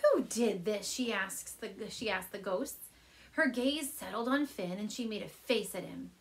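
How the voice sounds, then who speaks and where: A woman teacher reading a children's chapter book aloud from her couch at home, speaking gently and warmly to young listeners. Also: medium pitch, a little slow. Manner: gentle, animated storyteller addressing kids.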